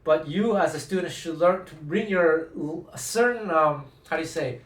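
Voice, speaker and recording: A man's voice: a little high, normal speed. Man teaching in a roomy echo. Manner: conversational, acts out quoted dialogue, frequent restarts. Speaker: guitar teacher. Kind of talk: casual talking-head lesson. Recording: roomy echo, speaking from a distance from the mic.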